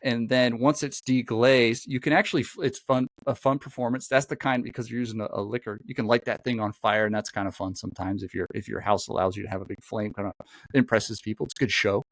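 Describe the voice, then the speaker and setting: In a dry recording, a man hosting a podcast talks quickly in a steady, mid-range voice. His casual chat turns into a long, rambling story marked by many fillers and restarts.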